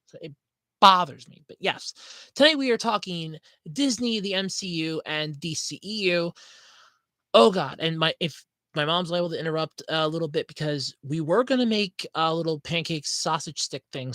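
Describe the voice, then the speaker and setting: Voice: medium pitch, normal speed, a bit bright, no room sound. Rambling, scatterbrained podcast host, dry sound. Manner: apologetic, frustrated rant. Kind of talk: casual livestream chat.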